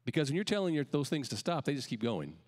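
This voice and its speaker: A man preaching a sermon as pastor, calling out emphatic lines and then letting the ends drop quietly. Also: medium pitch, sing-song, fast, in a large hall. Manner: emphatic preaching with rising calls and quiet dropped endings. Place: church sanctuary.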